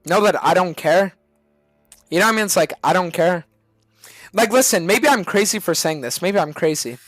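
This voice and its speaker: A man's voice: sits high, expressive, normal speed, a bit bright, no room sound, soft background music. A male streamer ranting on a live stream, swearing and arguing hard with chat. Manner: profane, ranting, argumentative.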